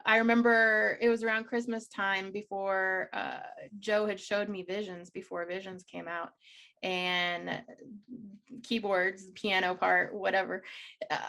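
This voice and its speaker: A woman's voice: medium pitch, flat delivery, a little slow, vocal fry, bright, forceful tone. Gushing woman radio host. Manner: gushing, enthusiastic, many restarts. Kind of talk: casual interview chat.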